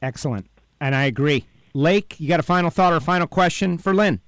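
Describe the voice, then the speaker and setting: A man hosts a podcast in a somewhat high voice, heard dry and close. He sounds upbeat and enthusiastic and likes to rib his co-host. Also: a little fast, fairly bright tone, no room sound. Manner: upbeat, enthusiastic, playfully teasing. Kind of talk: podcast interview.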